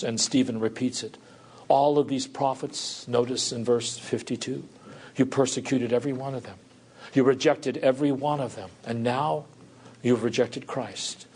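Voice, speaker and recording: A man's voice: mid-range voice, a little mellow, breathy edge. Earnest male pastor preaching a sermon. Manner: earnest, reflective. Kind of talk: sermon with scripture reading.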